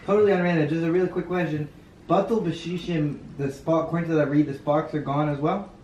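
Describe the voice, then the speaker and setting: A man in a class discussion, speaking earnestly and a bit haltingly. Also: on the high side, fairly even intonation, darkish tone, dull audio. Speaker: student. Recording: echoey room, mic far off, faint noise.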